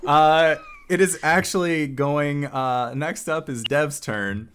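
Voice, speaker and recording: A man narrating a tabletop role-playing game as game master, with a relaxed manner and frequent fillers. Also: a little high, slow pace, clean tone.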